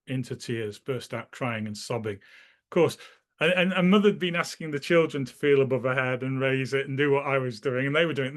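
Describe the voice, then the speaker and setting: A man being interviewed, casually recalling memories in a rambling way, often restarting his sentences and acting out the people in his stories. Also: medium pitch. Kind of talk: casual spoken recollection.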